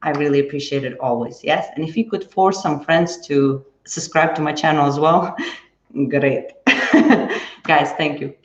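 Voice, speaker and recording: A woman's voice: sits low, measured pace. Woman, chatty dance teacher, thanks viewers by name, echoey room, muffled stream audio. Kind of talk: live-stream chat after class. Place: indoors at home.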